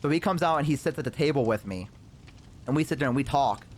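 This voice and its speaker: Lively rambling male streamer. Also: mid-range voice, quick pace, a little hiss or hum. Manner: rambling, many fillers, casual swearing. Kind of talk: casual storytelling.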